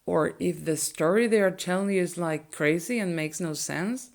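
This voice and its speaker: Her pitch fairly low, a young woman whose first language is Spanish guides learners through phrases. She pronounces each slowly and distinctly, repeating every one.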